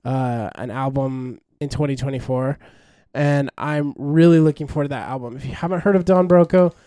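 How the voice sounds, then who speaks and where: A man's voice: medium pitch, steady tone, normal speed, dark tone, smooth, no room sound, studio quality. A young man co-hosting a podcast, chatting casually and enthusiastically, rambling with fillers and restarts. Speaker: podcast co-host. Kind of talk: casual chat.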